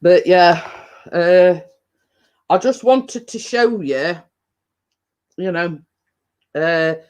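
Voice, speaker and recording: A man's voice: high voice, animated, extremely slow, a little mellow, clear, resonant tone. A man with a British accent hosting a casual live-stream chat with viewers, rambling and hesitant, full of fillers and restarts, sometimes talking while eating. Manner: chatty, eats while talking.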